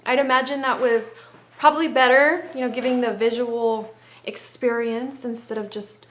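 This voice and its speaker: A woman's voice: a little high, fairly even intonation, moderate pace. A woman giving a casual hair-wrapping tutorial, chatty and rambling, a little winded with a stuffy nose, muttering to herself as she works.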